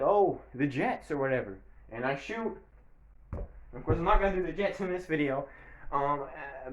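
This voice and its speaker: A man giving a casual, rambling sports recap to camera, breaking into bursts of mock play-by-play hype. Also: sits high. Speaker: sports video creator. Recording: echoey room.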